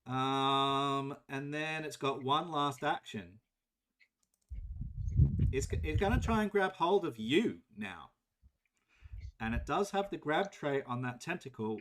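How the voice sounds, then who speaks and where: Slow-spoken man running a tabletop game. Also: medium pitch, fairly bright tone. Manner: measured, explains rules step by step. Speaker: game master. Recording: live stream.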